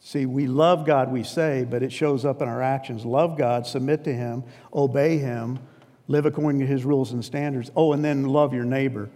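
A man's voice: medium pitch, steady tone, normal speed, dark tone. A male pastor preaching a sermon in an earnest, emphatic, conversational way. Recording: long reverb of a big hall.

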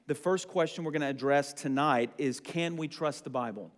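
A man's voice: a little high, moderate pace. A young man leading a church discussion group, chatty and friendly with lots of ums. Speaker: church roundtable leader. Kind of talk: casual teaching to a group. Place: meeting room with a group. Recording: long room reverb.

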